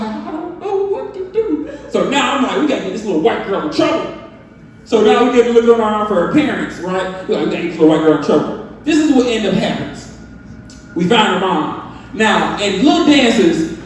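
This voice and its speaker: A young man with a Southern US accent doing a loose, animated stand-up set, asking the crowd questions as he tells stories. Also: high-pitched, a little hiss or hum. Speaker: stand-up comedian. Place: live comedy venue with audience. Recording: echoey, distant room mic.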